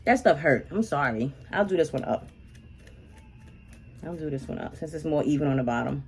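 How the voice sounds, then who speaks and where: A young woman chatting casually and rambling through animated asides while waxing on her beauty vlog. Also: deep voice, moderate pace, long pauses, husky. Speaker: beauty vlogger.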